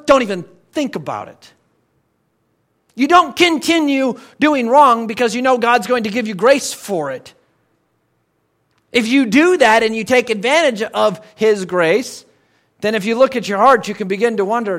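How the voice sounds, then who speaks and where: High-voiced man preaching a sermon. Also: lively intonation, normal speed, fairly bright tone. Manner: conversational, emphatic preaching with repeated words. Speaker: pastor. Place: church.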